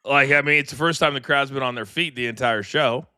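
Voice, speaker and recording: A middle-aged man hosting a live wrestling watchalong, ranting in animated, incredulous commentary from a studio mic. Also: medium pitch, a little fast, dry recording. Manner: animated, incredulous, rambling rants. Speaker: host.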